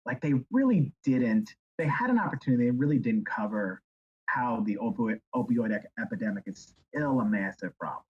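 A man who is a guest author, chatting in a rambling, animated way and slipping into silly impressions. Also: mid-range voice, a little fast, husky, highs cut off. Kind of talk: casual chat.

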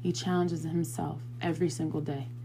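A woman's voice: low voice, flat delivery, normal speed, creaky, warm tone, slight background noise. A woman in her thirties talking casually and reflectively in a personal vlog, full of fillers and acted-out quotes. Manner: conversational, many fillers, acts out quotes. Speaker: vlogger.

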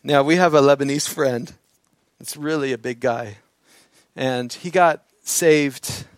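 A man preaching a sermon, moving from quiet storytelling to emphatic, building preaching on scripture. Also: medium pitch, takes it slowly, dry recording, clean studio sound.

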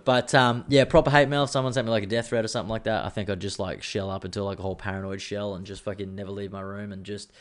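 A man, hosting a casual solo podcast, chatty and rambling, swearing freely. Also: on the low side. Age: 30s. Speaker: podcast host.

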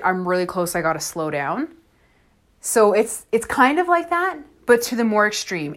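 Frank, chatty woman podcast host. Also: mid-range voice. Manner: frank and chatty, laughs often, many fillers. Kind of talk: casual solo podcast monologue.

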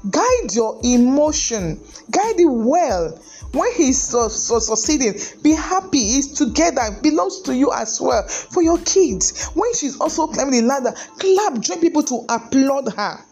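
A woman's voice: sits high, big pitch swings, a little slow, a little mellow, soft background music. A middle-aged woman, a lawyer giving an earnest, emphatic talk on marriage, often repeating words and throwing in "hey". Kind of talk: preachy motivational talk.

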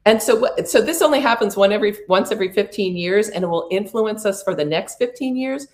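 This middle-aged woman has a medium-pitched voice with lively intonation, a brisk pace, and a slightly mellow quality. She delivers a spiritual prosperity coaching talk on astrology, earnest and soothing, with playful asides.

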